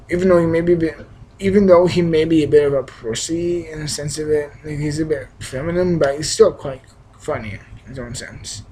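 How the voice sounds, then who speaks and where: A man's voice: a little high, darkish tone, slight background noise, poor audio. A young man giving a casual, rambling film review, with frequent restarts, fillers and emphatic bursts. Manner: enthusiastic, emphatic. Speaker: movie reviewer.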